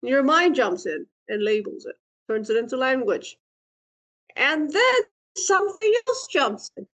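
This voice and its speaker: A woman's voice: high voice, big pitch swings, a little slow, fairly bright tone. A woman giving a dharma talk, playful, laughing often and asking questions of her listeners. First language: Vietnamese. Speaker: meditation teacher and therapist.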